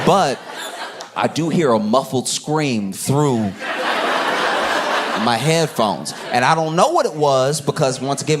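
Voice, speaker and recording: A stand-up comedian telling a story on stage, acting out voices and laughing as he talks. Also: medium pitch. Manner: animated, acts out voices, laughs through lines.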